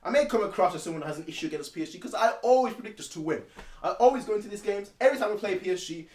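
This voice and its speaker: A man's voice: high voice, lively intonation, very fast, a little mellow. A man hosting a football fan channel, giving a casual match preview in an emphatic, slangy, repetitive way.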